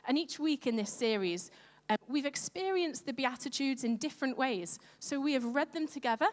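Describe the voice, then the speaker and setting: A woman preaching a sermon in a lively, conversational way. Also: high-pitched, normal speed. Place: church hall. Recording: echoey church hall.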